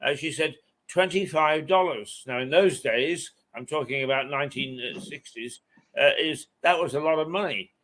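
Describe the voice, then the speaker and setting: An older man reminiscing as an interview guest, halting often and chuckling between his memories. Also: mid-range voice, a bit bright, slight background noise. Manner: halting, with frequent hesitations and chuckles. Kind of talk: reminiscing anecdote in conversation.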